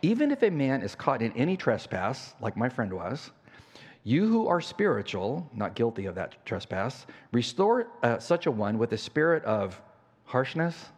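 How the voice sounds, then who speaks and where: A man's voice: medium pitch, very animated, normal speed. An older man preaching a sermon as pastor, telling a story in a conversational way with many fillers and restarts. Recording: church hall reverb.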